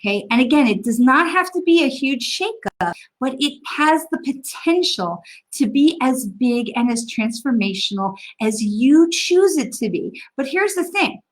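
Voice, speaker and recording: A woman in her fifties talks casually to viewers on a live stream, encouraging and chatty. Her voice sits a little high. She pauses on fillers as she goes. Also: lively intonation, low-quality recording. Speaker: psychic medium.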